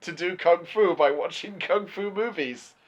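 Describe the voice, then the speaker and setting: A man's voice: sits high, measured pace. A man in his twenties co-hosting a movie podcast in casual chat, ranting animatedly and swearing often. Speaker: podcast co-host. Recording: lo-fi podcast recording.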